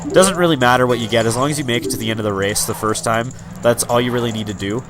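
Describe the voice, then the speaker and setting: Rambling young let's player. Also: male voice, medium pitch, fast talker, background noise. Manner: rambling, joking, many fillers. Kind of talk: casual gameplay commentary.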